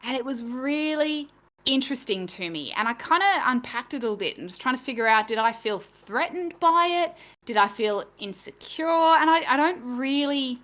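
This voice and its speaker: A woman with a fairly high voice talks in a loose, chatty way. She pokes fun at herself and laughs easily as she tells stories from running games. The tone is relaxed and conversational. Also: moderate pace. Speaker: game master and podcast co-host. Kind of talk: casual chat.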